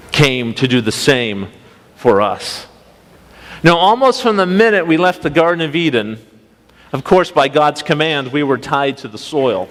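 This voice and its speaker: A man's voice: medium pitch, a bit bright. Young man preaching a folksy story sermon. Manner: folksy, anecdotal, rhetorical questions to congregation. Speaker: pastoral intern. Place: church sanctuary. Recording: long church reverb.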